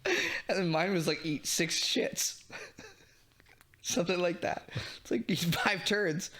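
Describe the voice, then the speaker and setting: A young man with a somewhat high, animated voice, talking loosely as a podcast co-host. He jokes around and fills his sentences with "like" and restarts. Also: slow pace, pauses often, background noise. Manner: relaxed, filler-heavy, joking. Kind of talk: casual chat.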